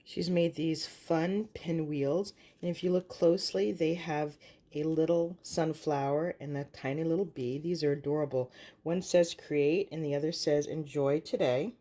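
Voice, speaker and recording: A woman's voice: low-pitched, steady tone, moderate pace, warm tone. A woman presenting a craft haul, showing items one by one and gushing over each in an upbeat way. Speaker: craft YouTuber. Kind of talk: craft haul show-and-tell.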